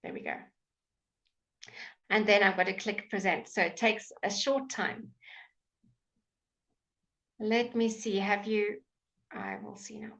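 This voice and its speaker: Woman, British accent, online English teacher, careful drawn-out diction, slow pace, computer mic. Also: mid-range voice, fairly bright tone, rough recording. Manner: slow, clear, drawn-out enunciation with many fillers. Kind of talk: live online language lesson.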